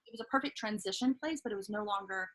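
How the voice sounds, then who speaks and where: Talking very fast in a mid-range voice, a middle-aged Southern California woman, a life coach appearing as an interview guest, shares a personal story casually and with animation. She laughs a lot and acts out others' lines; the poor audio has a little hiss or hum.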